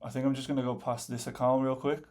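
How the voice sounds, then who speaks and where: A man's voice: medium pitch, flat delivery, fast, a little mellow. A young British man giving casual, slangy, swear-heavy commentary on his live trades, exasperated by near misses. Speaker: day trader.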